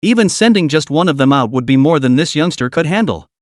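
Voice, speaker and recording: A man narrating a scripted story recap in a steady, dramatic way. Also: on the high side, fast talker, no room sound, studio quality.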